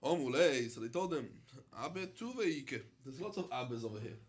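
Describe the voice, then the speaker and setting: A man's voice: medium pitch, lively intonation, quick pace, husky. A man teaching a Talmud class, reading short Aramaic phrases and explaining each one in plain English. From London. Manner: reads Aramaic phrases then explains in English, with many fillers.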